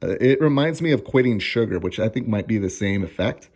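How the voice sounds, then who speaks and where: Man in his thirties, lowish voice, casual ranting review, sarcastic, swears, frequent laughs. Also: expressive, fairly quick, a little mellow. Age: 30s. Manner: sarcastic, profane, laughs often. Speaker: food reviewer vlogger.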